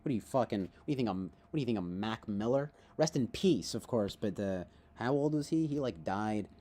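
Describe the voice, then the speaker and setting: A man's voice: on the low side, lively intonation, a little fast. Young male streamer, tipsy late-night rambling, laughs a lot, voice swings up and down. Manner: joking, self-mocking, laughs often, sudden loud outbursts. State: intoxicated. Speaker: livestreamer. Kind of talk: rambling livestream chat to viewers.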